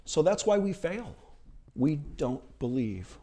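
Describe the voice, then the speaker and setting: A middle-aged male minister giving a sermon, retelling a film scene in an animated storytelling manner. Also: fairly high pitch, slow pace.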